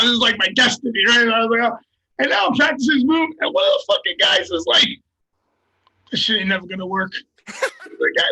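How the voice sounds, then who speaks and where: An older man tells a story with animated, profane energy. His voice sits high and bright, with a husky edge to it. He talks in loose, chatty bursts. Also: low-quality recording. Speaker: guest fighter. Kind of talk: casual storytelling.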